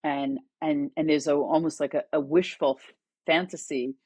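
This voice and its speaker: Deep-voiced and a little breathy, this middle-aged woman talks at a moderate pace with no room sound around her. As a guest author and educator, she tells stories conversationally, animatedly performing the dialogue within them.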